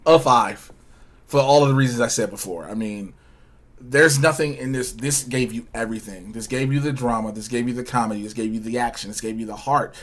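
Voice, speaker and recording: A man's voice: mid-range voice, brisk. A man hosting a casual episode review and plugging his channels in an upbeat, punchy way. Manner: upbeat, punchy promo delivery. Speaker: host.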